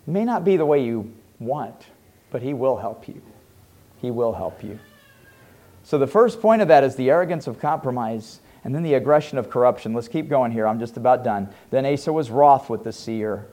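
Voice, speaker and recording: A male pastor preaching a sermon, dropping to hushed low asides and rising to loud fervent pleading. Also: animated, moderate pace.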